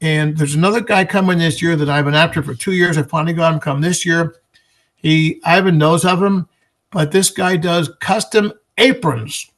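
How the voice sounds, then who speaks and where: A man's voice: on the high side, moderate pace, a bit bright. A man being interviewed as a pinball expo organizer, talking eagerly and promotionally in casual chat, often restarting his sentences. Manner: enthusiastic, promotional, frequent restarts.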